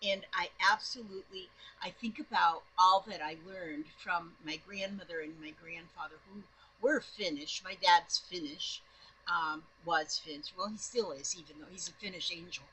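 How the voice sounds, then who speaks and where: Woman vlogger from northern Minnesota, bright husky voice, rambling excitable home chat. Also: on the low side, moderate pace, low-quality recording. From northern Minnesota, USA. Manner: excitable, rambling, full of restarts. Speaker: doll-making vlogger. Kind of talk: casual rambling chat to camera. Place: home in Florida.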